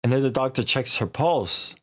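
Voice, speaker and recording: A man's voice: medium pitch, normal speed, fairly bright tone. A young man streaming, casually recapping a story in a rambling, slangy way with lots of filler.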